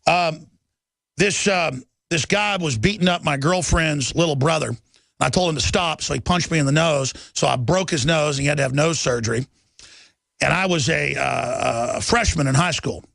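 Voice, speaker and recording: A man hosting a radio show, telling a rambling story on air, excitable and prone to shouting. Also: fairly high pitch, normal speed, dry recording. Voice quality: gravelly. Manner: excitable, bursts into shouts, then sheepish.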